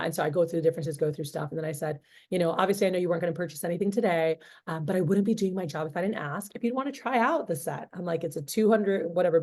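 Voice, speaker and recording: A young woman training sales reps, telling stories and acting out both sides of the conversations. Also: mid-range voice. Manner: animated storytelling, acting out both sides of dialogues. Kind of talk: motivational sales training talk.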